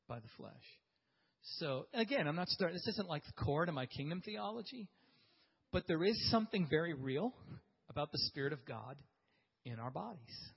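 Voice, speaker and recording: A man's voice: a little high, slightly rough. A man teaching a class in a conversational way, with restarts and asides to his listeners. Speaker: Bible teacher. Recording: dull audio in a reverberant hall.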